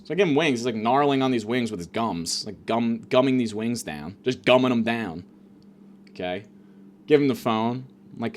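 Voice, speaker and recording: A man's voice: medium pitch, animated, normal speed, a little hiss or hum. A man hosting a comedic monologue, ranting in a rambling, profane way, full of fillers and restarts. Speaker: comedian host.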